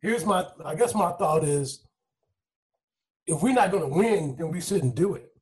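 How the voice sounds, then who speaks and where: A man hosting a casual podcast chat, excitable and joking, often laughing as he talks. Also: fairly high pitch, unhurried, breathy edge, rough recording. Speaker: podcast host.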